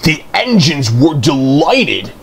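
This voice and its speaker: A man reading a children's storybook aloud in an expressive storytelling manner. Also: fairly high pitch, slow, gravelly, a little hiss or hum.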